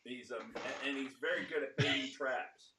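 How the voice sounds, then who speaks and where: A man's voice: medium pitch, moderate pace, very noisy. A young man on a podcast in casual chat, goofy and blurting jokes.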